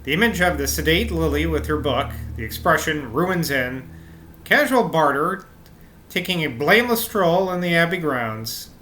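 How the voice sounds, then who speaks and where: A man's voice: a little high, animated, normal speed, sharp tone, a little hiss or hum. A man reading a classic novel aloud, breaking off now and then for irreverent, swearing asides. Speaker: audiobook reader.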